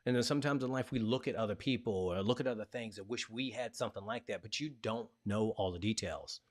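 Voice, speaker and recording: A middle-aged man hosting a talk show, retelling a personal story in a casual, animated way and acting out the dialogue. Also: on the low side, quick pace. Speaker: podcast host.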